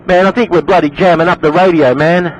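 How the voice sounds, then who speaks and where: High-voiced Australian man on CB radio. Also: fairly even intonation, brisk, muffled recording. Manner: repetitive, calls everyone man. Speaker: CB radio operator. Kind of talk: casual CB radio chat. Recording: noisy radio skip.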